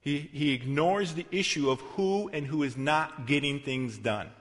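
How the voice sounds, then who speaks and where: A man preaching a sermon in a conversational way, with asides and self-corrections, swinging between loud emphasis and quiet passages. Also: on the high side, unhurried. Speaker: pastor. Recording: long reverb of a large hall.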